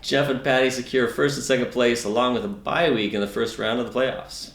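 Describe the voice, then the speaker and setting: A man reads out league results in the manner of a mock news anchor, his delivery dry and sardonic. His voice sits at a middling pitch, and it carries a noticeable room echo. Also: fairly even intonation, a little fast, fairly bright tone. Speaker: news-style fantasy league co-host. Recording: roomy echo.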